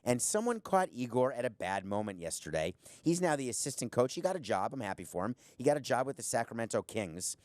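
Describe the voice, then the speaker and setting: A man's voice: mid-range voice, sing-song, fast, few pauses, darkish tone, dry recording. Sarcastic man ranting on sports. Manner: sarcastic, emphatic, talks straight to the viewer. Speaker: show host, former team owner. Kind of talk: opinionated sports commentary monologue.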